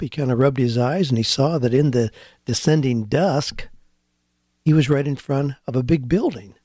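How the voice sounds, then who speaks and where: A man's voice: medium pitch, mellow, no echo, studio quality. A man hosting a radio show, telling a story and then talking in a conversational way. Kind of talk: storytelling and casual radio talk.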